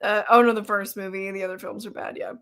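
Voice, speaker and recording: On a laid-back live stream, a woman rambles about horror films, eating snacks as she chats, responding to viewers, and dropping fillers and laughs. Her mid-range voice is fast, clean and fairly bright, with fairly even intonation.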